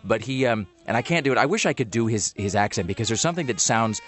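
A man talking at a rapid clip in relaxed podcast chat. He rambles and restarts, stacking filler words as the thoughts pour out. His voice sits at an ordinary middle pitch. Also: faint music behind. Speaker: podcast host. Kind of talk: casual chat.

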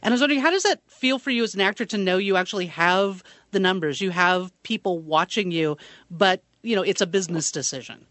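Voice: medium pitch, fast talker, fairly bright tone, no room sound. A co-interviewer asking careful, hedged questions.

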